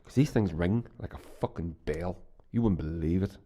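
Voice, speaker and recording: A man's voice: sits low, moderate pace, mellow. A Northern Irish man hosting his own podcast, chatting casually in a rambling, profane way with lots of restarts. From Northern Ireland. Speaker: podcast host. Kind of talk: casual solo podcast chat.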